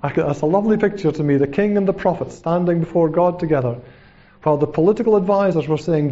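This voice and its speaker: A man's voice: a little high, fast talker, dark tone. A man preaching a sermon in a conversational way, often checking in with a rhetorical "hmm?" and acting out the quotes dramatically. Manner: dramatic retelling with acted-out quotes. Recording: dull lo-fi recording.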